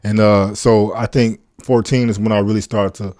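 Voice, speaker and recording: A man who is a podcast guest, telling his own story in a reflective, earnest way, with halting restarts. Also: on the low side, level tone, a little mellow, dry recording, studio quality. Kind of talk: casual conversational storytelling.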